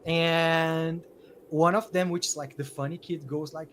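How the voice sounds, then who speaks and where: A man runs a tabletop game, describing scenes in a chatty way full of "like" and quick restarts. His voice sits slightly high. A faint hum is heard behind him. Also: a bit bright. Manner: fillers of "like", restarts, vivid scene-setting. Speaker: game master.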